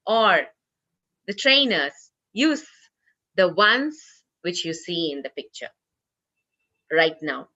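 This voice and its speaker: A woman trainer speaks earnestly over a video call, her voice bright and forward. She circles back on her points with plenty of "you know" fillers. The audio is dull and a little lo-fi. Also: mid-range voice. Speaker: corporate trainer. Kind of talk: online training session talk.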